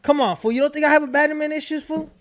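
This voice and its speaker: A man in his twenties co-hosting a podcast, chatting casually in an animated, slangy way. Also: very high-pitched, rapid-fire. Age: 20s. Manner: animated, slangy, keeps saying fool and dog. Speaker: podcast co-host and editor. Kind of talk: casual chat.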